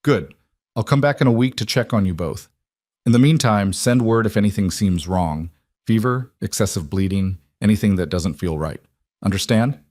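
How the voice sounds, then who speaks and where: A man voicing a stern older woman, a frontier midwife who gives firm, brisk instructions. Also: on the low side, lively intonation, darkish tone, no room sound, studio quality, lightly acted.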